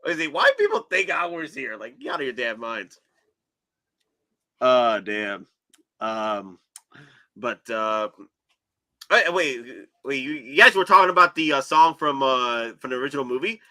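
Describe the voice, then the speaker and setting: A man hosting a casual livestream chat, excitable and animated, often breaking into laughs. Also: mid-range voice, a little slow, pauses often. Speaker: podcast host.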